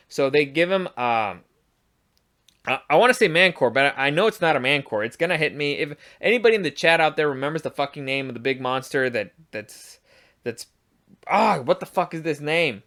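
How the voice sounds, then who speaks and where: A man's voice: on the high side, lively intonation, brisk, a bit bright. A man giving a casual, profane review of a show, rambling and restarting as he rants in exasperation. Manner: exasperated, ranting.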